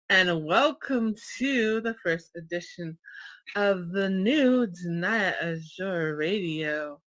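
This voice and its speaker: A woman's voice: on the low side, animated, slow pace, a bit bright, faint music behind. A woman hosting an online radio interview, talking in an effusive, emotional way with many restarts. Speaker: radio show host. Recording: echoey room, distant mic.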